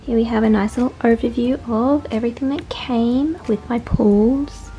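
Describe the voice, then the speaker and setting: A young woman vlogging at home, gushing excitedly through an unboxing with lots of exclamations. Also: a little high, normal speed. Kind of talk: casual unboxing vlog. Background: soft background music.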